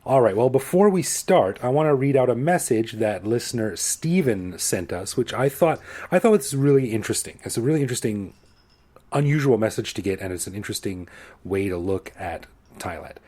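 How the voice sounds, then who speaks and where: Canadian guy in his 40s cohosting a podcast, mellow, trails off quiet and jokey. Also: medium pitch, brisk. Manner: relaxed, self-deprecating, trails off quietly. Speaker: podcast co-host. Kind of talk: casual chat.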